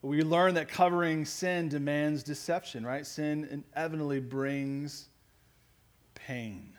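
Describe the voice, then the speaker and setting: A man's voice: fairly high pitch, fairly even intonation, measured pace. A man preaching a sermon as pastor, earnest and growing emphatic as he speaks.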